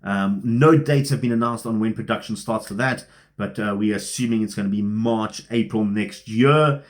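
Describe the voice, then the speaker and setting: A man hosting a casual wrestling rumour vlog, talking in a chatty, lively way with frequent filler "uh"s. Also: lowish voice, moderate pace. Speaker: wrestling news host.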